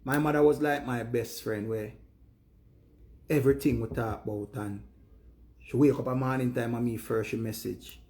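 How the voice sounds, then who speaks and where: A man's voice: medium pitch, steady tone, moderate pace, pauses often, a little mellow. A man with a Jamaican accent giving an earnest, preachy monologue in Patois to his viewers. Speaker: live streamer.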